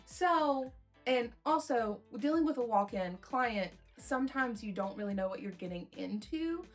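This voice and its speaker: A woman's voice: on the high side, measured pace, soft background music. A young woman hairstylist telling a client story in a casual, rambling storytime way, acting out the quotes. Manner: rambling, chatty, acts out quotes in lively voices.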